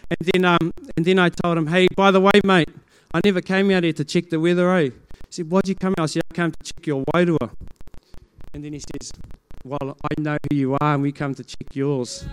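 High, clear-voiced New Zealand pastor. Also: male voice, fairly quick. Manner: animated storytelling, acting out dialogue, bursts of loud exclamation. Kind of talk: preaching testimony to a congregation.

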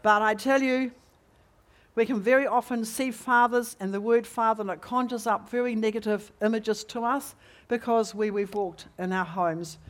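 A middle-aged woman preaching in a church meeting, telling a personal story with lively rhetorical questions to the congregation. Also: on the high side, moderate pace. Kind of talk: sermon testimony.

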